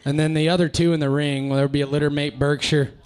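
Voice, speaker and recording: Halting man talking pigs ringside. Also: on the high side, level tone, darkish tone. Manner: halting, many fillers and restarts. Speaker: livestock sale breeder presenting pigs. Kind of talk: casual ringside sale talk. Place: sale tent ringside.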